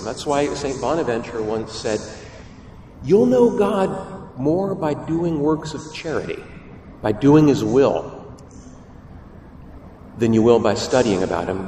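A man preaching a sermon as a priest, lively and full of rhetorical questions. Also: fairly high pitch, a little hiss or hum. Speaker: Catholic priest. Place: church. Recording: echoey church heard from far off.

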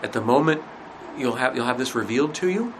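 In an animated, conversational lecture for a religion class, a mid-range male voice asks rhetorical questions and keeps stopping on filler words. The background is noisy.

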